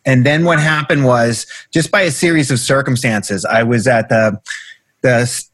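Man from Boston, talk guest, lively anecdotes with the odd curse, mid-pitched and dry. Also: measured pace, dry recording. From Boston area, USA. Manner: animated storyteller, swears freely. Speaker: guest, breathwork coach. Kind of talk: casual storytelling interview.

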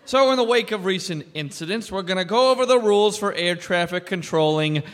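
A fed-up air traffic control boss in a live radio comedy sketch, briskly scolding his lazy staff. His voice sits fairly high for a man. It rings with long reverb from a theater stage. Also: expressive, fairly bright tone. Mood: exasperated.

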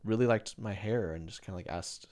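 A young podcast co-host with a lowish voice speaks briskly in casual chat, telling stories. He's an animated storyteller who acts out what people said.

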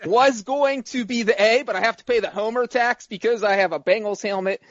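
A man's voice: extremely high pitch, no room sound, highs cut off. A man co-hosting a sports podcast, talking casually and playfully as he makes his picks and defends them. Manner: playful, rambling, quick to defend himself. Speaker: podcast co-host, grader.

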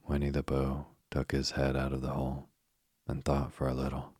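A man narrates a bedtime story in an extremely deep, husky voice that barely moves in pitch. His soft, unhurried reading is recorded close and dry. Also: completely flat delivery, no room sound. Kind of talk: slow sleep story narration.

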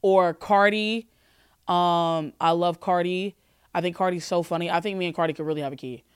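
A woman in her twenties hosting a podcast, chatting casually and answering calls with animated, profane, joking rants. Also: lowish voice, moderate pace, clear, resonant tone, no echo, studio quality. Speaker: podcast host.

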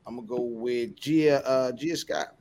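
Relaxed man with faint room noise. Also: medium pitch, unhurried. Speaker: podcast guest. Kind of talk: casual chat.

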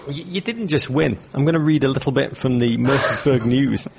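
A man's voice: medium pitch, a little fast, vocal fry, background noise. A middle-aged man co-hosting a podcast, teasing his partner and reading aloud in a mock-grand way. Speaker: podcast co-host. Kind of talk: casual chat, reading aloud. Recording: dull lo-fi podcast audio.

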